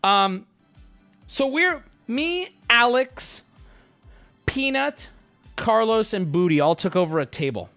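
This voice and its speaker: A man's voice: high-pitched, slow pace, vocal fry, long pauses, faint music behind. A man in his thirties, a streamer casually telling a story to his live chat, swearing and joking as he goes. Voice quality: animated, swearing, jokey.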